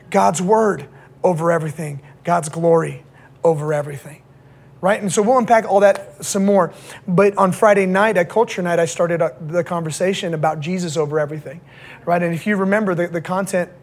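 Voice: medium pitch, vocal fry, husky. A pastor preaching to young people in a casual, slangy way, checking in with the audience again and again.

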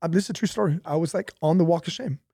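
A man's voice: on the high side, rapid-fire, creaky, mellow, breathy edge, no echo, studio quality. A young man, a pastor, talking casually about faith, telling stories animatedly with laughs and repetition.

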